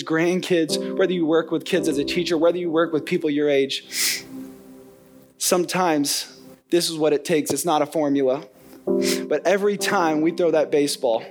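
A young man giving a sermon in an earnest, conversational way, telling a story and acting out the voices of its people. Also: on the high side. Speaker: preacher. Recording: soft guitar music behind.

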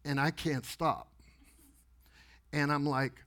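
A pastor telling a story in an animated, exuberant sermon to a congregation in a church. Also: male voice, a little high, slow. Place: church sanctuary before a congregation.

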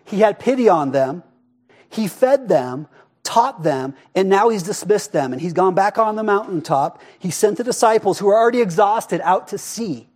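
A man preaching a sermon in a casual, conversational way, often asking "right?" and dropping to a hush for emphasis. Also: sits high, normal speed. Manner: expressive, drops to a hush for emphasis. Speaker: pastor.

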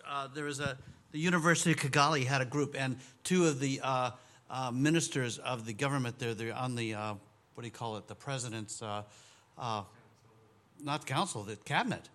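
A man, a ministry partner, recalling events in a rambling way, pausing to search for words. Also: medium pitch, fairly bright tone, a little hiss or hum. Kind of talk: casual recollection.

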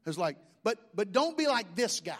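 A man's voice: high voice, very animated, moderate pace. A middle-aged man, preaching a sermon in a folksy, joking storytelling way. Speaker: pastor.

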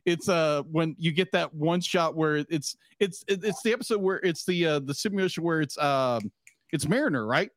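Male podcast co-host, high pitch, dry close mic; rambling, restart-heavy, laughing delivery. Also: moderate pace, dry recording. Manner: rambling, stumbles and restarts often, laughs a lot. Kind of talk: casual chat.

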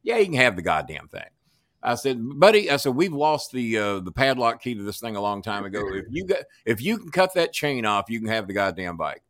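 A man's voice: mid-range voice, big pitch swings, a little fast, a bit bright, no room sound, clean studio sound. A man telling a long story as a podcast guest, swearing freely and acting out each person's lines. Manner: profane, acts out dialogue in voices. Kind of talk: animated storytelling.

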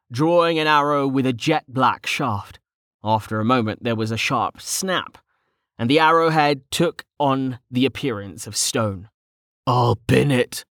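Man, audiobook narrator, steady measured reading, mid-pitched voice, dry close mic. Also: no room sound.

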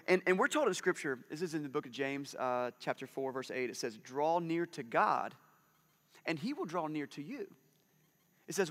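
Bright, animated male pastor in his forties. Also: fairly high pitch. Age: 40s. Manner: conversational, animated, drops to a soft hush for intimate moments. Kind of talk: sermon. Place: church.

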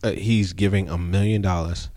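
Deep-voiced young man, dry sound. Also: fairly even intonation, moderate pace, dark tone, no room sound. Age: 20s. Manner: hesitant, with many fillers and restarts. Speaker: podcast co-host. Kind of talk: casual chat.

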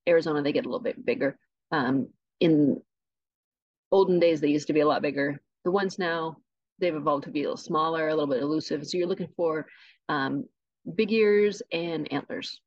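A woman guesting on a podcast, telling tall tales about a mythical animal with a deadpan delivery. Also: low voice, fairly quick, no echo, lo-fi sound. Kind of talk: tongue-in-cheek podcast interview.

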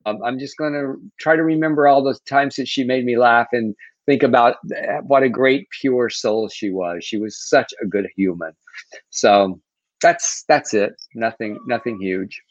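A man co-hosting a live internet chat, often laughing and restarting his sentences. He speaks at a middle pitch. The audio is dry and dull, like a lo-fi stream. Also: dry recording. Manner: warm, laughing, halting speech. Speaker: co-host.

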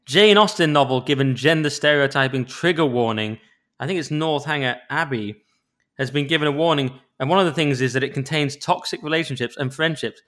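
A man's voice: a little high, fairly quick, fairly bright tone. A man co-hosting a podcast in casual, jokey chat, laughing often. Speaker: podcast co-host.

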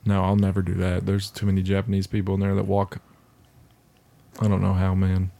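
A man's voice: low voice, completely flat delivery, fairly quick, creaky, dark tone. A man casually chatting on a podcast, tasting a beer and rambling with jokes and frequent laughter. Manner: joking, rambling, laughs often. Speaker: podcast co-host.

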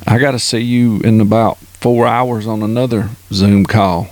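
A man teasing a friend in casual chat on a video call, playful and quick to laugh. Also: lowish voice, little pitch movement, darkish tone, slight background noise.

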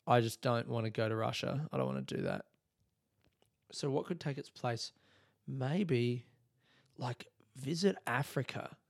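A man hosting a solo podcast, talking loosely and rambling, swearing freely and yawning now and then. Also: medium pitch. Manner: yawns often mid-talk. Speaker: podcast host. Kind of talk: solo casual podcast monologue.

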